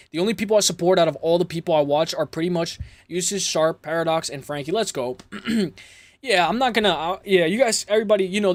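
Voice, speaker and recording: A young man from Toronto hosting a casual livestream, rambling through chat comments with hype shout-outs and lots of fillers. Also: high-pitched, no room sound. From Toronto, Canada. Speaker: livestream host.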